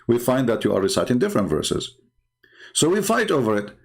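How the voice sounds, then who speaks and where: Into a desk mic, an online show host gives livestream commentary on religious texts in a rough, gravelly, medium-pitched voice that is brisk and sing-song. He argues with himself, repeats rhetorical questions and stumbles over frequent fillers while hunting for words.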